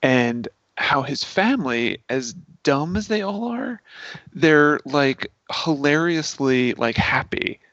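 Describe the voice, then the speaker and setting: A man's voice: a little high, big pitch swings, takes it slowly, a bit bright, dry recording. A man chatting casually on a podcast as a guest, gushing and laughing often. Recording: dull, dry sound.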